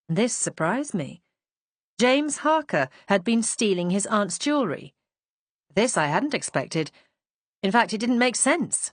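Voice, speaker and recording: Female audiobook narrator, mid-pitched, composed and wry, dry studio sound. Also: very animated, measured pace, dry recording. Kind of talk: first-person mystery narration.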